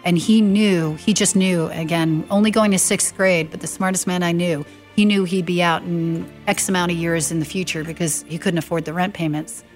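Middle-aged woman, lower voice, lively storyteller who acts out dialogue, faint music underneath. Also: moderate pace, hardly any pauses. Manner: animated storyteller acting out quoted dialogue. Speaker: guest telling her late father's story. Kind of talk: storytelling interview.

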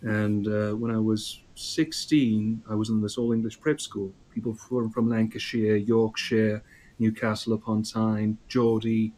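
A man's voice: lowish voice, level tone, measured pace, darkish tone. A man from South Africa co-hosting a podcast, enthusiastic and emphatic, with a radio presenter's delivery. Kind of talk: casual chat.

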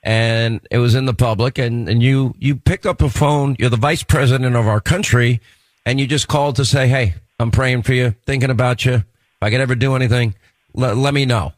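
A man's voice: mid-range voice, steady tone, fairly quick, no echo. A middle-aged man with a New York accent hosting a radio talk show, chatting in a rambling way and often restarting his sentences. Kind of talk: radio interview.

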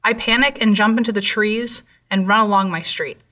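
A woman narrating a true horror story in a measured, somber way. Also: mid-range voice, fairly even intonation, sharp tone, distant mic.

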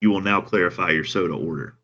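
A man with a Southern American accent, chatting casually as a podcast co-host and telling things in a dry, deadpan way. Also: low-pitched. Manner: dry, deadpan storytelling with drawn-out phrases. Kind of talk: casual chat. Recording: dull lo-fi sound.

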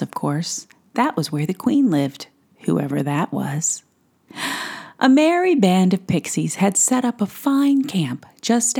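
A woman telling a fairy tale in a soft, hushed whisper as storyteller. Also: on the low side, gravelly, breathy edge.

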